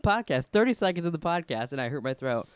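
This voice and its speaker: A man's voice: a little high, very animated, fast talker, smooth, no room sound. A man co-hosting a podcast in casual chat, rambling and laughing often at himself. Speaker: podcast co-host.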